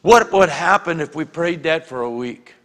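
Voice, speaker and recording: A man preaching a conversational sermon as a pastor, often repeating words and slowing down to read scripture with emphasis. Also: on the high side, lively intonation, a bit bright. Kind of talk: sermon teaching. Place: church sanctuary. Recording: long hall reverb.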